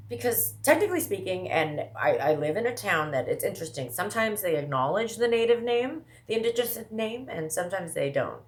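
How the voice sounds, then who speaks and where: Low-voiced woman rambling to camera. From American Midwest. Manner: rambling, fast, self-interrupting with asides. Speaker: vlogger. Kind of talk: casual monologue to camera.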